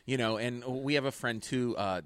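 Middle-aged male host, mid pitch, rambling and chatty, dry close sound. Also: normal speed, clear, resonant tone, no room sound. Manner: rambling, full of "like" and restarts. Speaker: podcast host and comedian. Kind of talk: casual chat.

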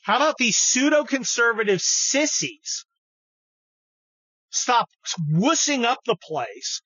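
A man's voice: very high-pitched, very animated, takes it slowly, sharp tone, breathy edge, dry recording. A man hosting a podcast, giving casual political commentary in a heated, profane, sarcastic way. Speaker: podcast host. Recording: dull dry studio recording.

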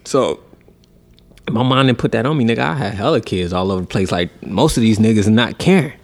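A young man in casual chat, laid-back and sometimes low and mumbled. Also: expressive, brisk.

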